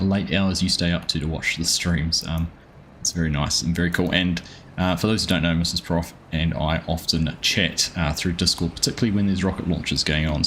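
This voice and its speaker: A man's voice: deep voice, a bit bright, slight background noise. A man streaming a farming game live, chatting easily and greeting viewers by name with plenty of ums.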